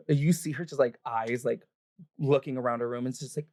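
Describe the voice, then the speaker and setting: Gravelly casual game master narrator. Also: medium pitch, steady tone, a little fast, darkish tone, no room sound, clean studio sound. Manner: casual, filler-heavy narration with laughs and swearing. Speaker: dungeon master. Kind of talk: narrating a tabletop game on stream.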